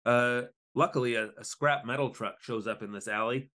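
A man co-hosts a podcast in a relaxed, chatty way. He sits at an ordinary pitch, and as he recaps the story he keeps breaking into quick voices for the characters. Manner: animated, acts out lines in quick voices. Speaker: podcast co-host. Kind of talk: casual recap chat.

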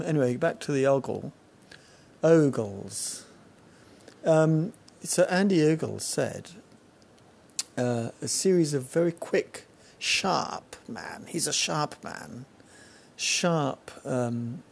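Guy rambling thru his podcast on a balcony, kinda gravelly low warm voice, keeps going off on tangents. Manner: rambling, jumps between tangents. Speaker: podcast host. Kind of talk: casual solo commentary. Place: outdoor balcony.

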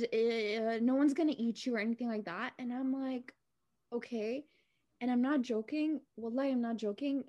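A young woman with a high voice tells stories on a casual podcast. She animates her anecdotes by acting out the dialogue, shifting into the voices of the people she quotes, with a chatty, unscripted delivery. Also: darkish tone. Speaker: podcast co-host. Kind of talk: casual storytelling.

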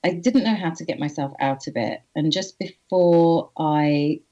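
Low-voiced woman telling her story haltingly. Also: mellow. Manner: halting, earnest, with frequent restarts. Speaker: interview guest. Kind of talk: candid personal storytelling. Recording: slightly muffled audio.

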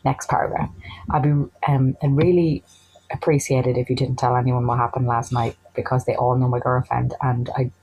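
An Irish woman telling a personal anecdote in a chatty, animated way, acting out the lines of the people in it. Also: extremely low pitch, brisk, slightly rough, poor audio. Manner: chatty, animated, acts out quoted dialogue. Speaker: storyteller.

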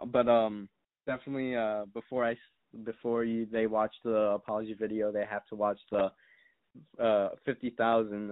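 A young man with a lowish voice appears as a guest on a casual podcast, recounting stories in a rambling, jokingly serious manner thick with fillers and swear words. The sound is dry and tinny, much like a phone call.

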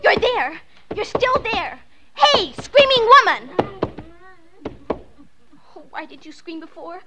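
A woman's voice: very high voice, lively intonation, moderate pace. A woman playing an earnest young girl in a 1950s radio drama, pleading and insistent. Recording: faint hiss of an old radio broadcast.

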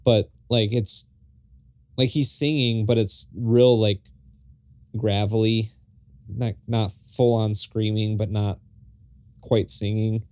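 A man's voice: fairly low pitch, no echo, clean studio sound. A man co-hosting a podcast, talking loosely and laughing easily about songs. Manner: relaxed, quick to laugh, loose phrasing. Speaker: podcast co-host. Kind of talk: casual music review chat.

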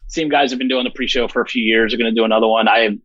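A man's voice: mid-range voice, fairly even intonation, racing, fairly bright tone, no room sound, highs cut off. A man who organizes a festival, talking bluntly and with lots of swearing in a rambling, casual interview. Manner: profane, blunt, rambling with fillers.

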